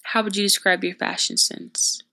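A woman's voice: medium pitch, moderate pace. A young woman hosting a podcast, telling stories in a chatty way and acting out the people she quotes. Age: young adult. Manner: chatty storytelling, lively quoted voices. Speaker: podcast host. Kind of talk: casual chat.

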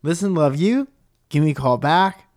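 A man's voice: fairly high pitch, lively intonation, moderate pace, darkish tone. A man co-hosting a podcast, chatting casually and teasing his partner with jokes. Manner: joking, playful, teasing. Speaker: podcast co-host. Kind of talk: casual chat.

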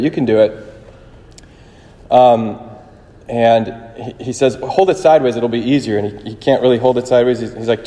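A man's voice: mid-range voice, mellow. Man preaching in an echoing chapel. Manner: conversational, halting, with fillers and restarts. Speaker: priest. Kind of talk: sermon. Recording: long chapel reverb.

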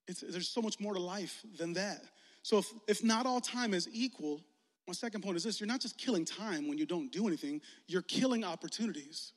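A man, preaching a lively, joking youth sermon that rises to shouts. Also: high voice, brisk. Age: 40s. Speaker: youth pastor. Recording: long hall reverb.

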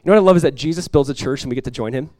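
A man preaching a sermon as pastor, conversational and lively, telling stories and acting out quoted voices. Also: mid-range voice, rapid-fire, no room sound.

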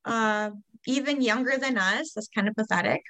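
Woman, girlish voice, slightly high, bright, casual chatty co-host. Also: moderate pace. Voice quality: girlish, youthful voice. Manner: chatty, laughs easily, retells calls by quoting callers. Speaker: podcast co-host. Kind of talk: casual chat.

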